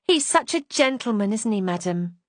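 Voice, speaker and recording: A woman doing an eager young maid, gushing, high and bouncy, dry close sound, audiobook. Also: lively intonation, normal speed, no echo, close to an everyday voice. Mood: gushing delight. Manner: gushing, breathless with delight.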